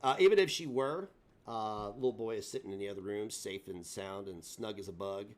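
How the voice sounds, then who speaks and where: A man's voice: lowish voice, a little fast. A man hosting a live stream, taunting and mocking a caller in a sarcastic rant.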